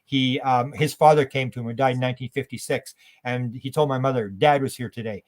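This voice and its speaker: A man's voice: medium pitch, steady tone, a little fast. A man from Canada, a guest in an interview, who rambles animatedly and acts out quotes.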